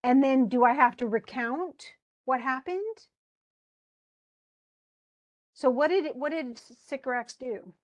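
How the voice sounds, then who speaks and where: A woman's voice: high-pitched, slow, long pauses, no echo. A woman teacher talking a class through a play in casual, chatty explanations.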